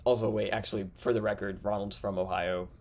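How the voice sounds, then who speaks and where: Low-voiced young man, rambling casually. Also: level tone, gravelly, darkish tone. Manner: rambling, self-interrupting, quick asides. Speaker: podcast host. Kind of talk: casual chat.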